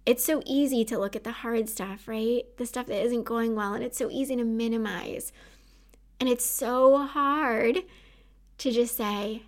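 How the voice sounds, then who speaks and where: A woman's voice: fairly high pitch, fairly even intonation, unhurried. A woman in her thirties hosting her own podcast, talking earnestly and encouragingly to listeners about self-kindness. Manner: earnest and encouraging, warm laughs. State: tearful at times. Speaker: podcast host and anxiety coach. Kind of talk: heartfelt solo podcast talk.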